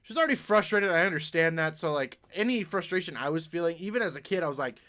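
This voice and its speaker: A man's voice: on the high side, fast, fairly bright tone. A young man telling a childhood story as a vlogger, laughing often. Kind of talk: storytime vlog.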